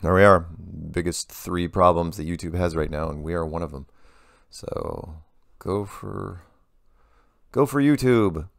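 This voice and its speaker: A man's voice: deep voice, lively intonation, a little slow, gravelly, dry recording, studio quality. A man hosting a show where he reads out and answers viewer emails, talking casually and rambling with frequent restarts. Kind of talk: casual monologue.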